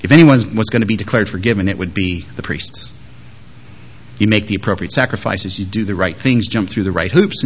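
A man preaching a sermon as a pastor, moving between strong emphasis and quiet, softly spoken quotes. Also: lowish voice. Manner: lively, shifts between loud emphasis and soft quoted words.

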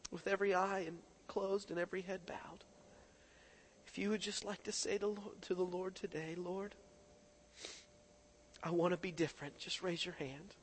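A man preaching a sermon, moving between hushed prayer and impassioned, rising appeals to the congregation. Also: high voice, fairly even intonation, normal speed, pauses often, a little hiss or hum. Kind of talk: sermon with altar-call prayer.

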